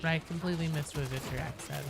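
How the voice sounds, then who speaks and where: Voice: mid-range voice, steady tone, brisk, gravelly. A game streamer in casual live-stream chat while gaming, rambling with lots of fillers and restarts in a Valley Girl-like way of talking.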